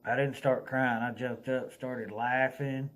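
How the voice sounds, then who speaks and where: In a casual vlog, a man with a Southern US accent tells a folksy, animated story and laughs along the way. His voice sits at a medium pitch and moves a little slowly.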